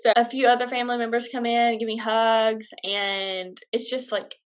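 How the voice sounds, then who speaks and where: A woman's voice: fairly high pitch, level tone, normal speed, hardly any pauses. A young woman vlogger casually telling a personal story, chatty and full of fillers. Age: young adult.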